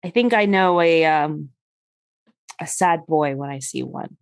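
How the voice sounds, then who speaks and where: A woman as a blunt, gravelly mother adventurer. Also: sits low, measured pace, voice pushed down. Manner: blunt and teasing. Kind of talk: tabletop role-play.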